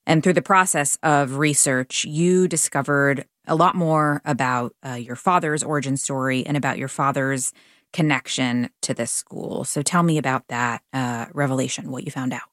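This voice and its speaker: An interview host asking curious, probing questions in a relaxed, conversational way. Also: mid-range voice, moderate pace, dry recording, studio quality. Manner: curious, probing, with casual fillers.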